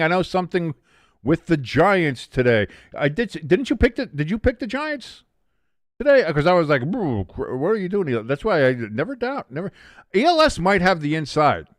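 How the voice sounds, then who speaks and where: A man hosting a live watch-along stream, chatting casually as an excitable fan and reading out comments from his chat. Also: mid-range voice, dry recording, studio quality.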